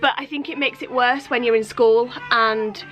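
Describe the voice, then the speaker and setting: A woman's voice: fairly high pitch, steady tone, normal speed, a bit bright, highs cut off, soft background music. A woman, talking to camera in a casual vlog, exasperated and emphatic, laughing between points. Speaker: family vlogger.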